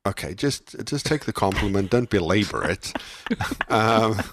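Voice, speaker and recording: A very deep-voiced man from South Africa co-hosts a casual parenting podcast. He muses aloud, circling back and restarting his sentences, poking fun at himself. The sound is close and dry. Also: animated, a little slow, no room sound. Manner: reflective, self-deprecating, many restarts. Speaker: podcast co-host.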